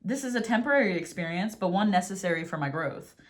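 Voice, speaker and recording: Animated, cursing young woman tarot reader. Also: on the low side, fast talker. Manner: animated, swears freely, gets worked up then reads affirmations softly. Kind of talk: casual tarot reading monologue.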